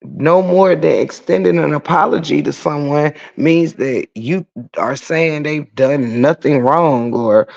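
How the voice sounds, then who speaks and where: A man's voice: fairly high pitch, a little slow, vocal fry. A man hosting a casual livestream, reading the chat and ranting bluntly with lots of profanity. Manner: blunt and profane, shouts in laughter. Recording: dull lo-fi stream audio.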